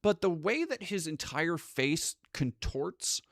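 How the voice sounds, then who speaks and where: A man's voice: fairly high pitch, lively intonation, slow, a bit bright, no room sound, clean studio sound. A man live streaming, rambling through sarcastic casual commentary with lots of restarts.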